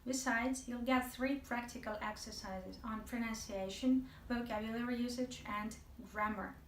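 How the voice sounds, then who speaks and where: A woman's voice: fairly high pitch, fairly even intonation, normal speed, far from the mic, a little hiss or hum. A woman teaching an English video lesson, chatty and playful, speaking straight to her viewers. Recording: echoey room, voice from off the mic.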